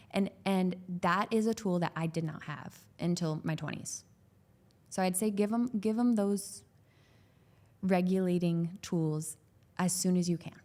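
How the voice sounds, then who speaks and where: Her voice sits on the low side, steady and darkish, at a moderate pace. As a guest on a podcast, this growth coach and mother of young children discusses parenting in a heartfelt, loose style with frequent "like"s and restarts.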